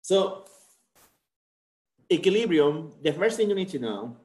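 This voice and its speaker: A man's voice: fairly high pitch, big pitch swings, a little slow, a little mellow. A tired man teaching a chemistry class in a casual, joking way, often checking in with his students. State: tired, end-of-semester burnout. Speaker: chemistry instructor. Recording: echoey classroom.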